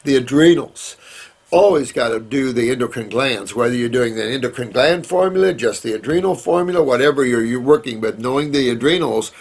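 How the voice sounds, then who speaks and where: Calling his viewers "honey" and "sweetheart," a middle-aged man rambles folksily through a casual live question-and-answer session. He speaks fairly quickly and with animation, his medium-pitched voice darkish and touched by vocal fry.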